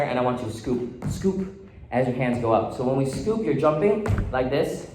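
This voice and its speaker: A man's voice: medium pitch, animated, normal speed, dark tone. A man teaching dance choreography, counting beats and calling out steps in rhythm. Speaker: dance instructor. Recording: echoey room with faint noise.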